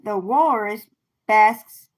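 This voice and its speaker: A woman reading a children's picture book aloud on a livestream, slowly and clearly. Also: mid-range voice. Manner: slow, clear read-aloud with animal sounds.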